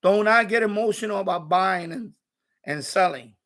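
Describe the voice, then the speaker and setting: Guy on a live stream rambling on, kinda high voice with a gravelly edge, keeps restarting sentences. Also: normal speed, fairly bright tone. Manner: rambling, repeats himself, frequent restarts. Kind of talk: casual live-stream chat.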